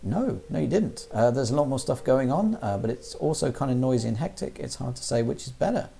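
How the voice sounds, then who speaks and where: A laid-back, friendly young man chatting casually, as a man reads him out. The voice has a gravelly, mellow grain. He sounds like an easygoing video game villager. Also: mid-range voice, animated, brisk, faint music behind.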